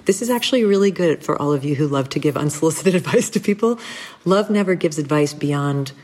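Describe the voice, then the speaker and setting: A middle-aged woman speaking as an interview guest, earnest and reflective, with soft laughs and small restarts. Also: low voice, lively intonation, brisk.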